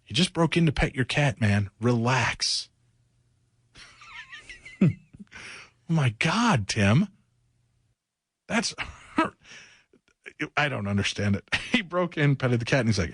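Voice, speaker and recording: A man's voice: mid-range voice, big pitch swings, takes it slowly, long pauses, a bit bright, husky, no room sound. A man hosting a casual talk radio show, reading news stories aloud and riffing on them jokily into a studio microphone.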